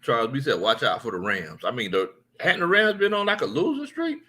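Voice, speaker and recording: A man's voice: medium pitch, sing-song, brisk, sharp tone. A man hosting a casual livestream sports chat, reading viewer comments, joking, laughing often and repeating his lines.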